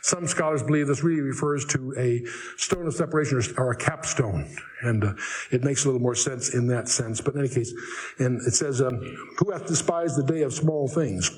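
An older man teaching the Bible verse by verse, wry and conversational, slowing down to read scripture aloud. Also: medium pitch, rough recording.

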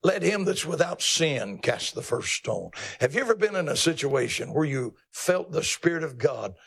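Creaky-voiced male preacher with emphatic leaps. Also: big pitch swings, moderate pace, a bit bright. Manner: emphatic, folksy and teasing, with sudden pitch leaps. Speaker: pastor. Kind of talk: sermon.

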